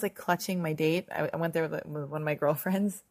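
A hoarse woman hosting her podcast, chatty and animated, swearing freely in a casual intro monologue. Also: low-pitched, fast talker, hardly any pauses. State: hoarse, lost voice. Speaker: podcast host. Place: Los Angeles.

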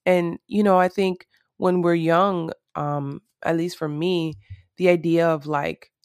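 A woman's voice: fairly low pitch, steady tone, slow, a little mellow, dry recording, clean studio sound. A woman talking to camera in a casual, reflective monologue, earnest and rambling with lots of fillers.

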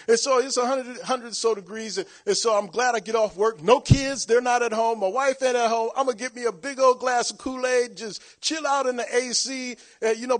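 A man preaches by telling a long, funny personal story. His voice sits high for a man, and he laughs often, breaks into shouts and acts out the voices of the people in it. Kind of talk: storytelling sermon.

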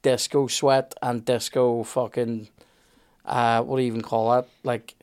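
A man's voice: mid-range voice, flat delivery, unhurried, darkish tone, clean tone. A man, co-hosting a podcast and chipping in with jokes and pop-culture riffs. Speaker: podcast co-host. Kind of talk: casual comic chat.

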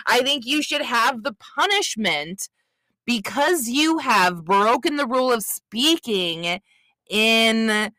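Giggly, bright-voiced woman podcast co-host. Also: on the high side, animated, slow, no room sound. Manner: giggly, blunt and playfully sweary. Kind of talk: casual podcast banter.

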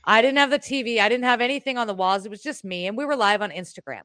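A woman chatting casually as a co-host at home, telling a personal story in an animated, rambling way with restarts and the odd swear word. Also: fairly high pitch, quick pace, no room sound. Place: room in her home.

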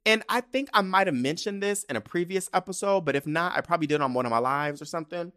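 A young man talking on his own podcast, sassy and loose-tongued. He curses freely and swings between biting rants and chatty storytelling, with a lively, animated delivery. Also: on the high side, quick pace. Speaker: podcast host. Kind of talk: casual solo podcast rant.

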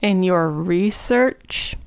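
A woman co-hosting a casual chat, playful, asking quick questions and laughing at herself. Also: on the low side, smooth. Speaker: podcast co-host.

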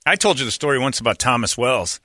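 Man, radio host, casual storytelling, bright tone, lively pitch. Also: quick pace, no echo, studio quality. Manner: animated, laughing. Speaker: radio morning show host.

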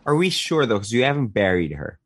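A man co-hosting a radio show, chatty and explaining his points with quick stammered restarts. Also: medium pitch, sing-song, no echo. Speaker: radio co-host. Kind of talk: casual chat.

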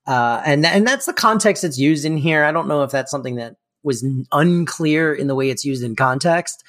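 A man's voice: on the high side, expressive, brisk, a bit bright. A man co-hosting a casual podcast, explaining with plenty of fillers and restarts. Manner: chatty, explains with frequent fillers. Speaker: podcast co-host. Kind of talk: casual TV recap chat.

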